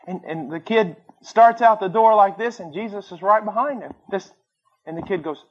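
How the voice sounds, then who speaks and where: A man preaching a sermon, telling stories with acted-out voices and swinging between loud bursts and quiet asides. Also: sits high, normal speed, husky. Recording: dull lo-fi sermon recording.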